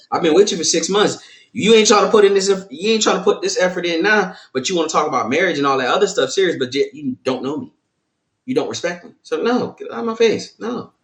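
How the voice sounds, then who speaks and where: A playful man chatting on a podcast, his voice sitting a little high. He acts out quoted remarks as he talks. The room around him echoes. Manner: playful, animated storytelling with quoted lines. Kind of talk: casual chat.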